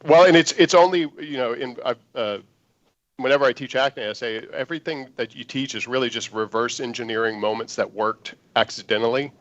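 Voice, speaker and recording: A man, an actor guest, telling an animated audition story in an interview and acting out the lines he quotes. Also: medium pitch, fairly quick, no room sound, lo-fi sound.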